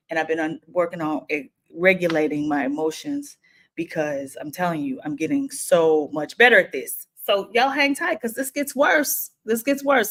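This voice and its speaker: A woman, telling a personal story to camera in a lively, animated way. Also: fairly low pitch. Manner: animated, acts out quotes, frequent laughs.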